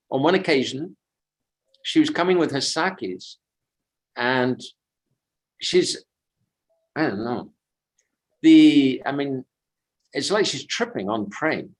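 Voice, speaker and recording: A man's voice: medium pitch, sing-song, low-quality recording. Man telling devotional stories at a lakeside. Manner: unhurried, reflective, drifting between anecdote and commentary. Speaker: pilgrimage tour speaker. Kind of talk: devotional storytelling talk. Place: at a sacred lake on a pilgrimage walk.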